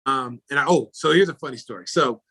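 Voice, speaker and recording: A middle-aged American man, once a basketball player and now an announcer, tells stories in a casual interview. He talks fast in a slightly rough voice, animatedly acting out the people he quotes with jumps in pitch and loudness.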